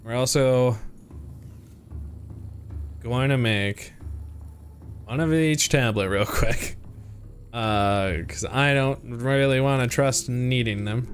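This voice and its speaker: A man's voice: medium pitch, slow pace, pauses often, a little hiss or hum. A young man streaming a game, chatting playfully to his viewers and to the creatures on screen. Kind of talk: casual gameplay commentary.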